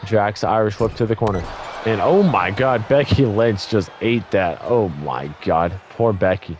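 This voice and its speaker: A man's voice: fairly low pitch, a little slow. Young male gaming commentator, worn voice, eager play-by-play, faint hiss under it. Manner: excitable, blurts exclamations, stumbles and corrects himself. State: voice getting worn from talking. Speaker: gaming YouTuber commentating a wrestling game.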